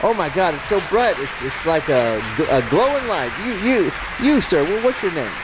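A man's voice: on the high side, very animated, moderate pace, over a noisy crowd, heavy background noise. A man playing a folksy, stammering talk show host in an improv comedy sketch.

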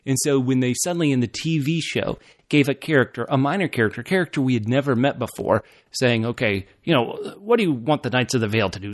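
A man co-hosting a casual fan discussion show, animated and laughing often, restarting his phrases as he talks. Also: mid-range voice, no echo. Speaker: podcast co-host.

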